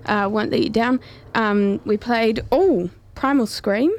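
A woman's voice: on the high side, measured pace. A woman, hosting a radio show in casual chat, with a lot of "um" as she talks. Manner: chatty, laughs easily, hesitant fillers. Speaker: radio host.

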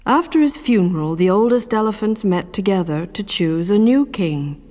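A woman narrating a children's storybook in a slow, expressive way. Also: medium pitch, long reverb tail. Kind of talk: storybook reading.

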